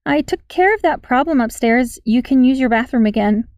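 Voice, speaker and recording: A woman voicing a shy, self-conscious teenage girl who speaks quietly and hesitantly in a storybook reading. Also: sits high, lively intonation, moderate pace, no room sound. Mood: sheepish.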